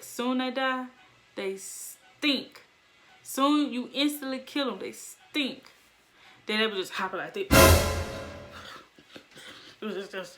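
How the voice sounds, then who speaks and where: A young woman telling a story casually, animated, laughing and acting out the voices of people in it. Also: medium pitch. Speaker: vlogger.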